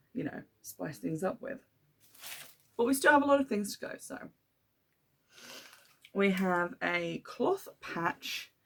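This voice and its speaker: A woman talks her way through an unboxing in an easy, hesitant chat, giving frank opinions as she goes. Her voice sits low, with a gravelly fry running through it. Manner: chatty, hesitant with many ums, mildly critical. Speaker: podcast host unboxing a subscription box.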